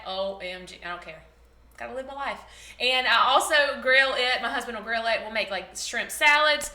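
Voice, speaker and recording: A woman's voice: a little high, normal speed, bright, forceful tone, roomy sound. A woman, chatting casually in a rambling, bubbly vlog style. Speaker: vlogger, former teacher.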